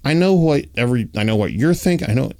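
A man telling a personal story in casual chat, acting out the dialogue and talking with lots of fillers. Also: fast. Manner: animated, acts out dialogue with raised pitch; uses many fillers like "like" and "you know".

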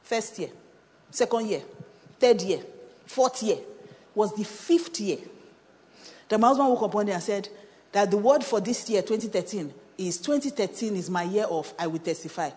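A woman pastor with a Nigerian accent, preaching a sermon full of personal testimony, telling her story animatedly with laughter, bits of pidgin and bursts of shouting. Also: medium pitch, lively intonation, normal speed, long pauses. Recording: reverberant conference hall.

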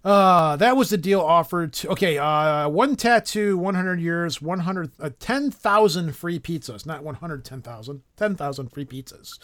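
Casting: high-pitched male co-host, jokey news read, chatty. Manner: joking, reads news aloud with asides. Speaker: podcast co-host. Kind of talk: casual news chat.

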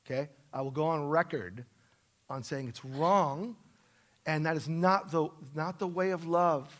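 A middle-aged man preaching a sermon in a church, emphatic and self-deprecating, swinging from loud stresses to soft asides. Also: a little high, measured pace. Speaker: pastor. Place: church sanctuary.

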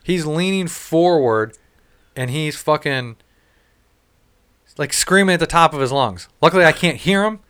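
A man's voice: on the high side, animated, unhurried, long pauses, a bit bright, clean tone. A man in his late thirties, ranting and cursing his way through a casual story about a concert. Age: 30s. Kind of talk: casual chat.

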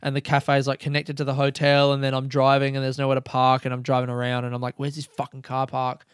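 A man's voice: medium pitch, monotone, fast talker, smooth, no room sound, clean studio sound. A young Australian man telling a rambling, self-mocking comic story with casual swearing.

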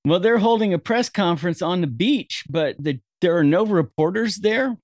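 A man's voice: sits high, animated, normal speed, darkish tone, no echo, clean studio sound. A man hosting a casual film review chat, summarizing the plot with wry jokes. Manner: summarizing, wry, laughs easily. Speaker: podcast host.

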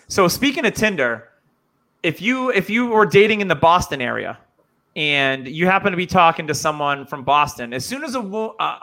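A man's voice: on the high side, sharp tone. A man from New Hampshire hosting a casual podcast, chatty and upbeat. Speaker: podcast host.

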